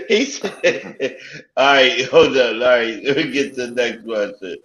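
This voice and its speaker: A male comedy host chatting slowly and loosely, and often breaking into laughter. His tone is bright. The sound is roomy and a little dull. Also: mid-range voice. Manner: laughing, acts out lines in a raised voice. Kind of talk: casual comedy talk show banter.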